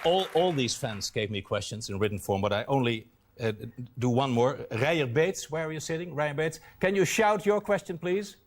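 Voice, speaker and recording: A man's voice: mid-range voice, expressive, normal speed, slight background noise. A man from the Netherlands hosting a television interview, jovial and teasing as he asks questions. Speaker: TV show host.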